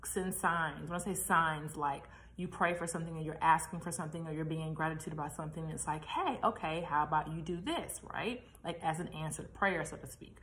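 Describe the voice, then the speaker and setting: A woman talking in a chatty, animated way in a casual motivational vlog, laughing at herself now and then. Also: low voice, a little fast, hardly any pauses, a little hiss or hum. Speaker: vlogger. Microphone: camera mic, reading notes.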